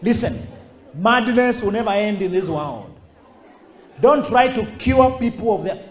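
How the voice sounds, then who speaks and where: A middle-aged man giving a motivational speech to high school students and acting out the people he quotes. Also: a little slow, a faint crowd. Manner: animated, acts out quoted voices. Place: school hall. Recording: echoey hall.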